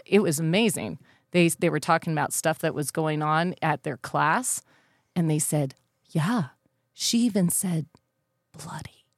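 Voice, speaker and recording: A woman's voice: on the low side, dry recording, studio quality. Chatty woman co-host telling family stories. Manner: chatty storyteller, laughs often. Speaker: podcast co-host. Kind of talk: casual chat.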